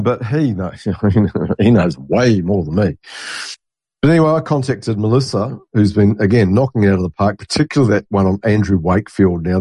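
A man's voice: fairly low pitch, warm tone, husky, dry recording. A middle-aged man hosting his own podcast, rambling casually through stories and asides, often breaking off mid-sentence. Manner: rambling, self-interrupting, laughs at own stories. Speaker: podcast host.

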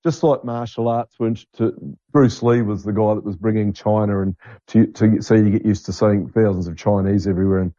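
A man's voice: fairly low pitch, steady tone, fairly quick, warm tone, dull audio. A New man in casual, opinionated chat, rambling with many fillers and restarts.

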